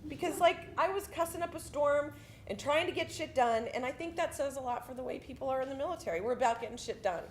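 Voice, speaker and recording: A woman's voice: high voice, lively intonation, quick pace, slight background noise. A woman army veteran telling a story about basic training on a theatre stage, casual and profane. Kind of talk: spoken monologue performance.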